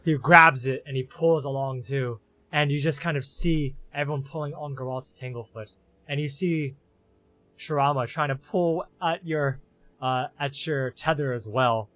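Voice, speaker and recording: A man at an ordinary middle pitch narrates as game master of a tabletop game. He tells the scene in long, breathless run-on sentences, stacking one "as" clause on the next. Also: fairly even intonation, unhurried, fairly bright tone, dry recording. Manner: run-on storytelling, strings clauses with "as".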